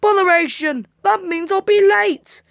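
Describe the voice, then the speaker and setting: A woman's voice: extremely high pitch, dry recording, pitched above the performer's own voice. A woman voicing Thomas, a bossy and impatient male tank engine, speaking crossly in a storybook reading. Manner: cross, hurried.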